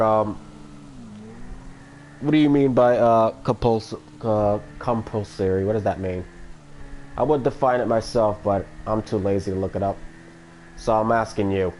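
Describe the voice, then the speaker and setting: A man's voice: fairly low pitch, darkish tone, a little hiss or hum, poor audio. Rambling male streamer. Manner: rambling, many restarts and swearing. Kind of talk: casual live-stream chat.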